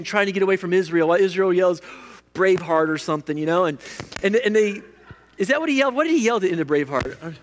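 A man preaches a sermon in a lively, joking way, breaking off and restarting sentences as he goes. His voice sits fairly high for a man. Long reverb from a church hall trails after his words. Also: slight background noise. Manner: animated, jokey, self-interrupting. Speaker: pastor.

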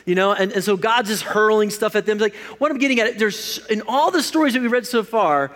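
A man preaching a sermon as a pastor, animated and jokey, often restarting his sentences as he talks to the congregation. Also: sits high, a little fast, long reverb tail. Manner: animated, jokey, self-interrupting.

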